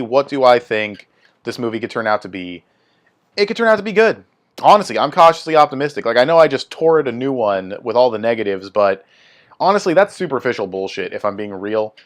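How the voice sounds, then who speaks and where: A young man hosting his own video, giving a blunt, swearing opinion rant in a casual way. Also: mid-range voice. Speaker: video host.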